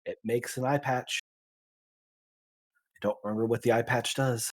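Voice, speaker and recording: A man playing a tabletop game, talking casually and a bit haltingly. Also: mid-range voice, steady tone. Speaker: player.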